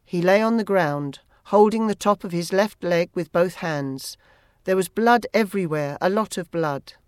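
Measured audiobook narrator, dry sound. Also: medium pitch, clear, resonant tone, no room sound. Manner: measured, plain storytelling. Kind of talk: scripted first-person narration.

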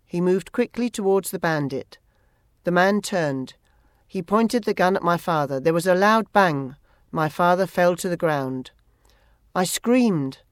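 An audiobook narrator reading a first-person story in a measured, plain manner. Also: medium pitch, no echo, studio quality.

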